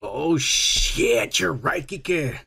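A man's voice: a little high, expressive, extremely slow, gravelly, pushed and bright, slightly rough. A man co-hosting a podcast, chatting casually in crude, profane, joking banter. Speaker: podcast co-host. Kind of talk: casual chat.

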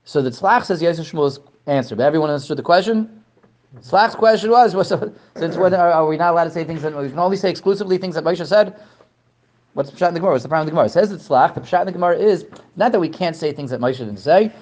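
A man giving a Torah lesson to a class, animated, asking questions and often repeating words. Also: on the high side, quick pace. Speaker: Torah teacher. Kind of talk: lecture to a class.

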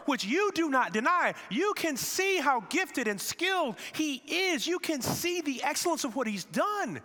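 Man, pastor, sermon, high bright voice, animated storytelling, hall reverb.

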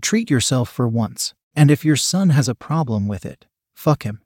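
Man voicing a frank woman friend nagging her pal, husky voice, dry close sound. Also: medium pitch, lively intonation, normal speed, a little mellow, dry recording. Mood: urging. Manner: pushy, frank urging. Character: blunt caring adult woman friend.

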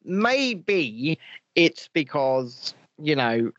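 High-voiced man, sweary host. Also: sing-song, drawn-out words, fairly bright tone, no room sound, dull audio. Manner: profane, mocking, rambling with restarts. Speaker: show host. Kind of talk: casual comedic podcast chat.

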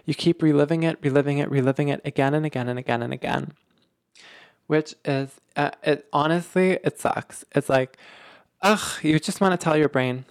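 A podcast host explaining relationship ideas in casual, animated talk, full of fillers, restarts and emphatic repeats. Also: medium pitch, normal speed, gravelly, dry recording, studio quality. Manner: animated, emphatic, lots of filler words and repetition.

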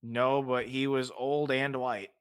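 A man's voice: medium pitch, little pitch movement, takes it slowly, smooth. A man co-hosting a podcast, making blunt, wry remarks in casual chat. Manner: blunt, wry asides with swearing. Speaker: podcast co-host.

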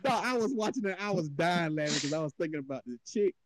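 A man hosting a casual podcast chat, telling stories with lots of laughing and quick impressions. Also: fairly high pitch, very noisy. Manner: animated storyteller, laughs often, mimics voices. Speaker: podcast host.

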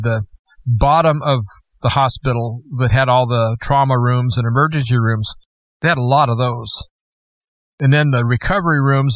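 A man's voice: mid-range voice, dry recording. Plainspoken man telling his story. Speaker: guest host. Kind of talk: personal testimony.

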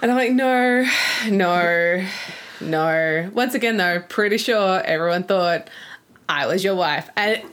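A woman's voice: mid-range voice, moderate pace, fairly bright tone. An Australian woman in casual chat with a friend, chatty and teasing, laughing easily.

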